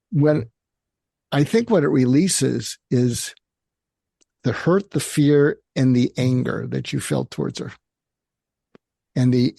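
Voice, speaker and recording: A man's voice: mid-range voice, creaky, warm tone, no room sound, clean studio sound. A man hosting an interview show, talking in a conversational, self-deprecating way with hesitant restarts. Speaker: host. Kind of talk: casual interview chat.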